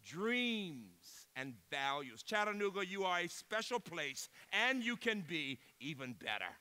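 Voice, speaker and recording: In his sixties and serving as a university president, the man gives a rousing keynote full of emphatic storytelling that moves from loud bursts down to hushed tones. His smooth voice sits high, with big pitch swings and a slightly slow pace.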